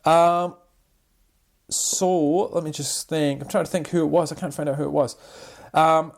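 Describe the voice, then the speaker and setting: His voice is a little high and creaky, and he goes at a slightly slow pace. As a podcast co-host in casual conversation, he tells lively stories and voices the characters in them.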